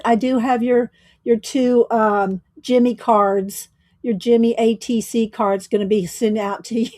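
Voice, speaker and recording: Slow-talking woman hosting a chatty livestream. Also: on the high side, mellow. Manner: chatty, greets viewers by name; slow, rambling, with fillers and small laughs. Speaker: livestream host. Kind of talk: casual livestream chat.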